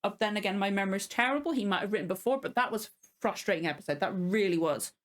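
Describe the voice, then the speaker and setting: A woman's voice: medium pitch, animated, fast. A woman giving a casual spoken review as a reaction video host, ranting in exasperation, swearing often and apologizing as she goes.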